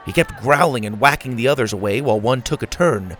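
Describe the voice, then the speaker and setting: A man reading a children's story aloud at an even, steady pace. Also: medium pitch, fairly quick, very noisy.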